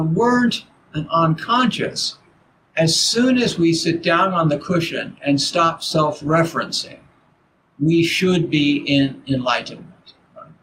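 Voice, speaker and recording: An older man teaching Zen in a halting dharma talk, full of restarts and "you know"s. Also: on the high side, fairly bright tone. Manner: halting, repeats words, many "you know"s. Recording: noisy background.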